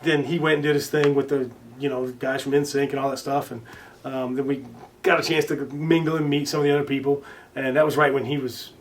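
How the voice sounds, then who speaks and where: A man being interviewed as a guest, telling stories casually, with many restarts and fillers, now and then swearing and loudly acting out what others said. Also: mid-range voice, flat delivery, quick pace, recorded from a distance, a little hiss or hum. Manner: swears casually and acts out quoted lines loudly. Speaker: interview guest, recording artist. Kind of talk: casual storytelling in conversation.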